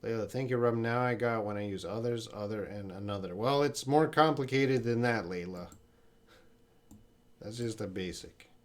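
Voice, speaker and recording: A man's voice: on the low side, normal speed. A man teaching English on a casual livestream, reading viewer questions aloud and explaining them with example sentences. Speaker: English teacher answering live chat questions.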